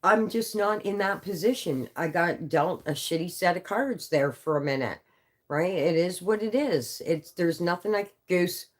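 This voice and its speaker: A woman with a low, deep-set voice talks on a casual live stream from her home. She sounds sleepy and worn down, rambling in halting bursts, swearing and restarting her sentences again and again. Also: animated. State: tired, sleepy. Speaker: livestreamer.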